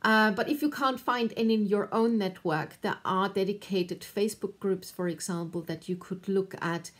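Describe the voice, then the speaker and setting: A woman giving thoughtful, encouraging advice to camera, pausing often with fillers. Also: mid-range voice. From Austria. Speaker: artist and video creator.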